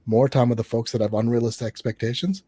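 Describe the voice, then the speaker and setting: Quick talking guy on a podcast, keeps restarting sentences, dry sound, no room echo. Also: mid-range voice, fairly even intonation, warm tone, husky. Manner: fast, repeats words while restarting sentences. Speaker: guest, marksmanship instructor. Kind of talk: casual podcast chat.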